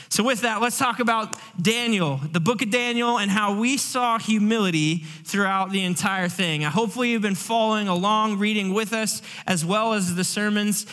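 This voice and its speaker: A pastor delivers a sermon in a high, light voice. His manner is earnest and conversational, with plenty of fillers. He slips into acted asides to make his points. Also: moderate pace, few pauses, a bit bright.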